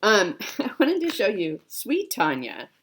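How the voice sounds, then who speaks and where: A woman's voice: mid-range voice, wildly swooping pitch, measured pace, noisy background. A woman in her forties chatting casually to viewers as a cross-stitch vlogger, rambling along with fillers and self-corrections. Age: 40s.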